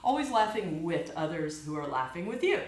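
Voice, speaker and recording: A woman's voice: fairly low pitch, big pitch swings, fairly quick. A woman teaching laughter yoga to a group, upbeat and encouraging, often laughing as she explains the exercises. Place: large room with a group. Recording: echoey room with background noise.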